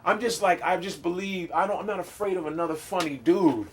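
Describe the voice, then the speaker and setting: A stand-up comedian man talking in a casual interview, with a voice pitched a little high for a man. He tells stories in an emphatic, animated way, heavy on street slang and swearing. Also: fairly quick.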